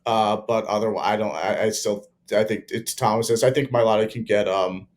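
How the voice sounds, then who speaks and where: A young man co-hosting a casual sports chat, measured and opinionated with many fillers. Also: lowish voice. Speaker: podcast co-host.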